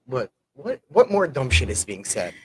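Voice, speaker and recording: A young man co-hosting a casual sports podcast, gruff and exasperated, swearing casually. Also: mid-range voice, wildly swooping pitch, normal speed, darkish tone, slight background noise. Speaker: podcast co-host.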